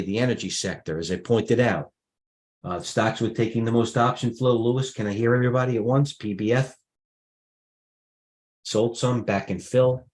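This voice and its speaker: Deep-voiced man rambling over stock charts. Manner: rambling, thinks aloud, frequent restarts and fillers. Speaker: stock market livestream host. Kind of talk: casual market commentary over charts.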